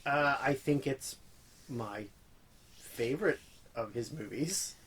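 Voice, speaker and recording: A man's voice: medium pitch, lively intonation, slow pace, fairly bright tone, a little hiss or hum, low-quality recording. A man co-hosting a podcast, trading dry, teasing banter in casual chat. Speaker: podcast co-host.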